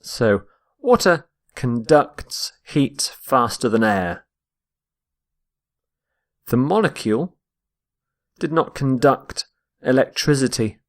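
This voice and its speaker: A man giving a vocabulary lesson at an unhurried, careful pace. He speaks in a mid-pitched voice and says each word twice, pausing so learners can catch the stress. His delivery is patient and methodical. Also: lively intonation. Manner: deliberate, repeats each word to stress its syllables. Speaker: English teacher. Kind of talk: slow, explained vocabulary lesson.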